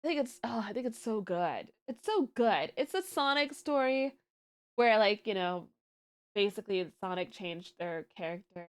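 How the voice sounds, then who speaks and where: A woman's voice: mid-range voice, animated, normal speed, clean tone. A woman streaming and chatting casually in a rambling way, with lots of fillers. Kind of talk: casual reaction chat.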